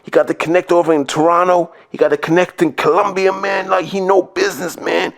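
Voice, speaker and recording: A man's voice: high-pitched, flat delivery, fairly quick, creaky, voice pushed up. A man putting on a pushy New York street hustler. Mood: hyped, persuasive. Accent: put-on New York street accent. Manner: wheedling, insistent, repeats "man" and "B". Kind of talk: comic impression in a podcast rant.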